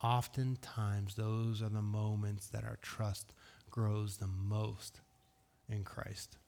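A man's voice: on the low side, little pitch movement, slow, creaky. Earnest male pastor preaching. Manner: earnest, swings between hushed and raised delivery; asks rhetorical questions. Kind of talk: sermon.

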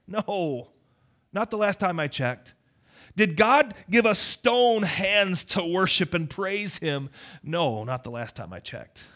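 A male pastor preaching a lively, conversational sermon, teasing his congregation. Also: sits high, slow pace.

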